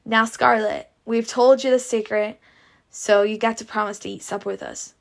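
Eager young male suitors, voiced by a woman reader, boyish, pleading, gravelly tone. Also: a little high, fairly even intonation, normal speed.

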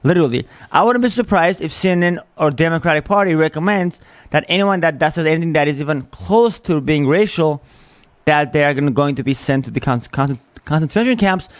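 A man's voice: on the high side, animated, fairly quick, no echo. A man hosting a podcast, delivering an angry, profane political rant with heavy emphasis. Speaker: podcast host.

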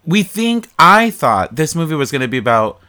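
A man in casual chat, recapping a movie plot in an animated, profane way and mocking the characters. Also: fairly high pitch, normal speed, clear, resonant tone. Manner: animated, profane storytelling with mocking quoted voices. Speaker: podcast co-host.

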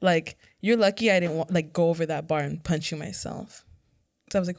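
A woman's voice: fairly low pitch, fairly quick, creaky, no echo, clean studio sound. A woman co-hosting a casual podcast, telling a story in a sassy, blunt way with swearing. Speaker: podcast co-host.

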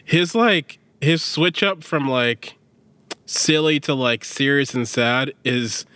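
A man co-hosting a podcast in casual chat, rambling with lots of fillers and quick laughs. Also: medium pitch, sharp tone, smooth, dry recording. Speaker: podcast co-host.

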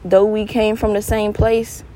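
A young adult woman hosting a podcast alone, telling stories with animated laughter and turning earnest when giving advice. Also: mid-range voice, measured pace, slight background noise, low-quality recording. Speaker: podcast host. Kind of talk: casual solo monologue.

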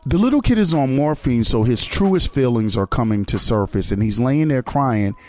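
A man's voice: medium pitch, lively intonation, normal speed, a little mellow, soft background music. A man hosting a radio show who gives a blunt, profane commentary on a video clip and keeps firing rhetorical questions at the listeners.

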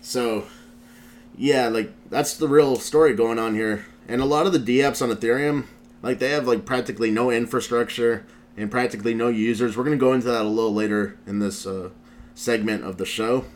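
A man's voice: mid-range voice, steady tone, fairly quick. A male show host in casual commentary, recapping a video in a rambling way with lots of filler words. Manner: rambling, heavy use of "like" fillers.

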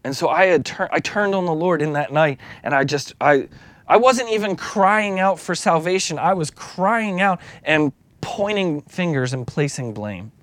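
A man's voice: a little high, lively intonation, normal speed, fairly bright tone, no room sound. A man preaching a sermon as a lay leader, speaking candidly and confessionally, with restarts and small laughs.

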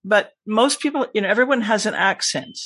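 A podcast guest and teacher with a mostly American accent that has a Scottish tinge, talking in a casual, emphatic way with lively asides. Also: medium pitch, a little fast, breathy edge, no room sound. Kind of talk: casual conversation.

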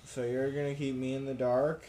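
A man with a mellow, darker voice trades sarcastic quips as a player at a tabletop game. He answers flatly and in an offhand way. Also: medium pitch, moderate pace, slight background noise. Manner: dry, sarcastic. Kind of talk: casual chat at a game table.

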